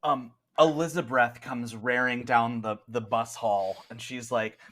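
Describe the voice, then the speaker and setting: A man narrating as game master in a tabletop horror game, animated and loose. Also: medium pitch, measured pace.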